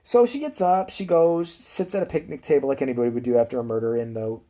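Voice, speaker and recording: A man's voice: mid-range voice, quick pace, warm tone. A man recapping a film in a rambling, profane, casual way with laughing asides. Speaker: film reviewer.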